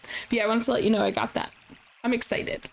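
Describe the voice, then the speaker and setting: A woman's voice: fairly high pitch, little pitch movement, quick pace, vocal fry. A young woman chatting casually and giggling as she streams a game from home. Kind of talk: casual chat while playing a game.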